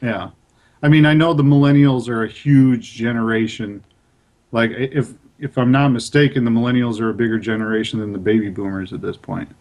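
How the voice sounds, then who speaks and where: A man's voice: medium pitch, fairly even intonation, fairly quick, darkish tone. A young adult man co-hosting a casual podcast chat, speaking in a conversational way and hedging his claims. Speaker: podcast co-host.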